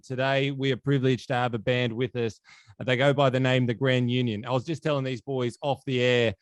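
A man's voice: medium pitch, level tone, brisk, no room sound. A man hosting a casual interview, joking and laughing often. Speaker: host.

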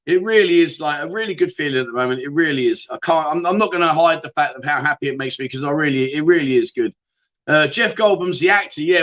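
A middle-aged man hosts a casual livestream, reading out viewer comments and bantering with them in a chatty, jokey way. His voice is on the high side with a fairly bright tone.

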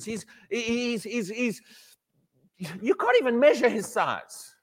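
A middle-aged man preaching a sermon, telling a story with many stammered restarts and quick laughs. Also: very high-pitched, animated, long reverb tail.

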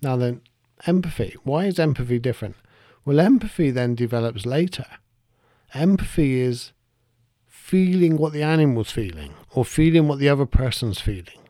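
A man talks through his thoughts alone on his podcast, reflective and unhurried in his reasoning. His voice is warm and mellow, and the recording is close and dry with no room sound. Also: medium pitch, no room sound. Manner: reflective, explains step by step, thinks aloud. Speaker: podcast host. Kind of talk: solo podcast monologue.

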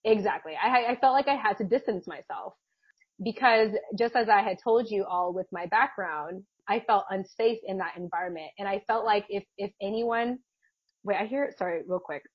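A chatty woman co-host tells a personal story in a slightly husky voice, laughing often. The sound is dull and dry, as if from a muffled mic in a small room. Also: mid-range voice, moderate pace, no room sound. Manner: chatty, laughs often, many fillers and restarts. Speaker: podcast co-host. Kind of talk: casual storytelling chat.

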